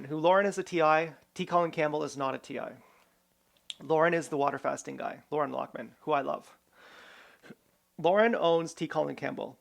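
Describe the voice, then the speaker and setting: A man with a slightly higher than average, gravelly voice holds forth in a rambling vlog monologue. He jumps from one grievance to the next, swearing freely and irreverently, with a rough fry in his tone. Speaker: vlogger.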